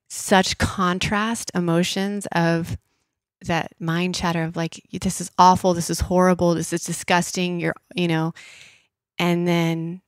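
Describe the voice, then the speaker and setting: A woman's voice: on the low side, no echo, clean studio sound. Emotional woman telling a personal story. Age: 30s. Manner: emotional, frequent "like" fillers, soft hushed inner voice at times. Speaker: podcast guest.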